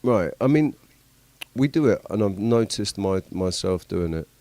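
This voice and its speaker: A man chatting casually as a podcast host, rambling and halting and swearing now and then. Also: on the low side, lively intonation, dark tone, no room sound. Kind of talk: casual chat.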